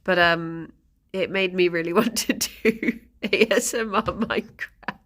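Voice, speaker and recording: A woman's voice: lowish voice, unhurried, a bit bright. Giggly rambling woman streamer. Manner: giggly, rambling, often breaks into laughter. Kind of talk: casual chat on stream.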